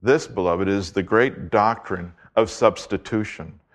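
A man with a fairly low voice preaching an expository sermon. He reads scripture aloud and leans hard on key words, slowing down and repeating phrases for emphasis. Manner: emphatic, deliberate, slows to stress key words.

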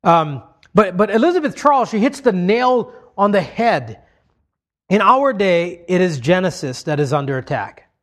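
A man's voice: high voice, expressive, normal speed, a bit bright. A man preaching a sermon, explaining points to his congregation in a conversational way.

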